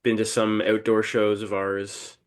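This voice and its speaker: A man's voice: on the low side, little pitch movement, measured pace. A man, a band musician, answering podcast questions in a laid-back, modest way. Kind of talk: casual interview chat.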